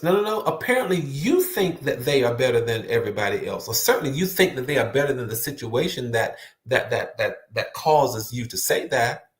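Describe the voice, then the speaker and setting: Here the motivational speaker's voice is mid-range, animated, and fairly quick as he urges the viewer on with earnest emphasis, repeating words to drive points home. Room echo is audible throughout.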